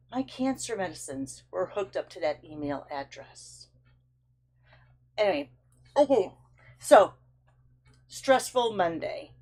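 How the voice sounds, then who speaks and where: A woman hosting her own vlog, telling a long frustrated story in a chatty, storytelling way with big swings in her voice. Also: medium pitch. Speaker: stamping craft channel host. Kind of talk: casual vlog chat.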